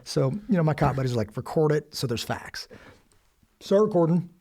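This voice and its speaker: A middle-aged American man telling a story as a guest, animated and acting out quoted lines with sudden loud bursts. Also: on the high side, a little fast. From United States. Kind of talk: storytelling in a conversation.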